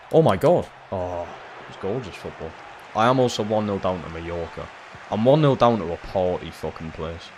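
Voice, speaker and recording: Young geordie man, game streamer, low voice, swings up and down, sweary rant. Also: slight background noise. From Newcastle, England. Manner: ranting, swearing, lively. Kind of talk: live gaming commentary.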